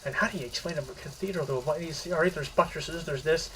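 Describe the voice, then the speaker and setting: A man giving a casual, rambling spoken summary of a short story, halting and restarting mid-phrase. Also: fairly high pitch, a bit bright, far from the mic, a little hiss or hum, rough recording.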